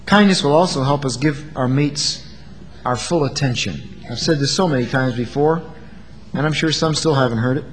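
A man's voice: mid-range voice, normal speed, long reverb tail, low-quality recording. A man preaching an earnest sermon, acting out quoted lines as he goes.

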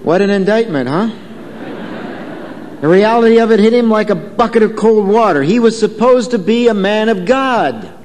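A man's voice: high voice, animated, moderate pace, a little mellow, long reverb tail. A man preaching a sermon in a conversational way, telling a story and asking the congregation questions. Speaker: pastor.

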